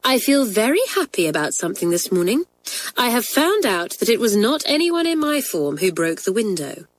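A woman voicing a kind but firm schoolmistress addressing her class, in a measured teacher's tone in a storybook reading. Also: fairly high pitch, big pitch swings, rough recording. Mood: pleased. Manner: measured, warm-humoured teacher's tone.

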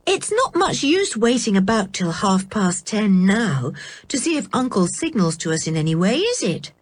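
A woman voicing an eager, excitable young girl in a storybook reading, squealing and breathless. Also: mid-range voice, moderate pace, no room sound, voice pushed up.

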